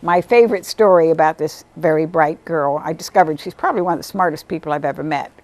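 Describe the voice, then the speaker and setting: A woman, a volunteer literacy tutor, telling stories about her students in a lively interview, sometimes acting out what they said. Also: quick pace. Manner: animated, acts out quotes in a higher voice. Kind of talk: storytelling interview.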